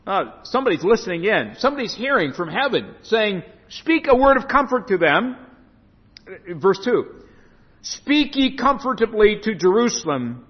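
Guy preaching a sermon, restarts his words a lot, swoopy lively voice, dull lo-fi recording. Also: high-pitched, normal speed, slightly rough. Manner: expository, stumbles and repeats words. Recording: reverberant hall, dull lo-fi sound.

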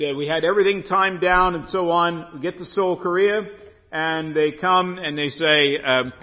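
A man with a high, lively voice delivers a sermon, moving between storytelling and slow, emphatic scripture reading. His voice rises and falls widely. The sound is dull and carries a long church-hall reverb. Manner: storytelling preacher, reads scripture slowly and emphatically. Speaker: pastor.

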